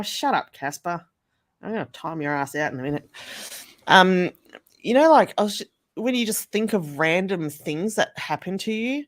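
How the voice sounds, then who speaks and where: A woman telling a story in a casual livestream, chatting and swearing freely. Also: fairly low pitch.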